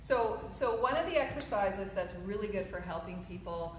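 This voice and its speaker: A woman coaching a choir section through a vocal warmup, encouraging and chatty, quick to laugh. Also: mid-range voice, animated. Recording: roomy sound with background noise.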